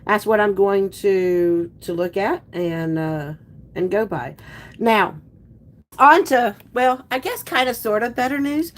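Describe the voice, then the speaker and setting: A woman's voice: medium pitch, fairly bright tone. Chatty woman hosting a livestream. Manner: chatty, rambling, restarts sentences. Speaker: livestream host. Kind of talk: casual live-stream chat, reading viewer comments.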